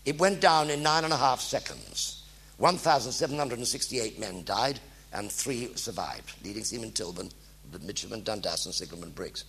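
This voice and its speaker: An older man giving a lively storytelling talk to an audience in a theatre. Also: fairly low pitch, normal speed, slight background noise. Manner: animated anecdotal delivery, voice swings from hushed to loud. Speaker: war veteran speaker. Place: theatre stage.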